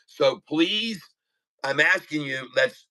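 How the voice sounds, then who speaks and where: A man with a noticeable lisp talks casually on a live trading stream, rambling and joking with frequent laughs. His voice sits a bit high and sounds very bright and forceful. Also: lively intonation, slow, low-quality recording. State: lisping. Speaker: day trader livestreaming.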